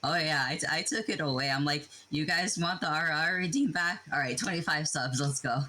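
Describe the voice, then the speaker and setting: A woman's voice: low voice, brisk, bright, forceful tone, faint music behind. A woman VTuber guest chatting casually, giggly and self-deprecating. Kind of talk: casual stream chat.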